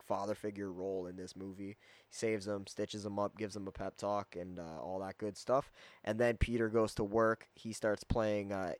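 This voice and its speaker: A man giving a casual, rambling movie review, full of fillers and quick acted-out quotes. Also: on the low side, no echo. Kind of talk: casual spoken film review.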